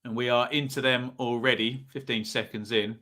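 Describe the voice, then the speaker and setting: A man's voice: mid-range voice, fairly even intonation, normal speed, sharp tone. A man with an East Anglian accent hosting a live football watch-along, giving chatty running commentary and reacting to viewers in the chat.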